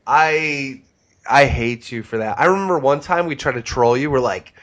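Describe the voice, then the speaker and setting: A man's voice: mid-range voice, normal speed, a bit bright. Brash, swearing podcast co-host man. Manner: heated, storytelling, frequent swearing. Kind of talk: casual profane chat.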